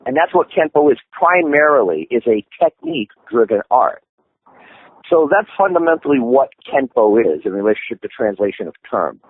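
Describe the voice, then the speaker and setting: A man's voice: medium pitch, very animated, moderate pace, slightly rough, no room sound. A man, a martial arts instructor, explaining at length in an interview, with many restarts and fillers. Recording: tinny phone-line audio, dry.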